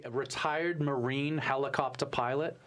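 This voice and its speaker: A man's voice: mid-range voice, steady tone, normal speed, fairly bright tone. A man with a mid-range voice co-hosting a casual podcast. He introduces the guest and draws him out with chatty, friendly prompts. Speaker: podcast co-host.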